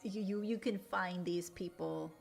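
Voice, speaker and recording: Chatty woman streamer with gravelly voice. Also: fairly low pitch, steady tone, unhurried. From Latin America. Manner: chatty, laughs often, emotional. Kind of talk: casual stream chat. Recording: faint music behind.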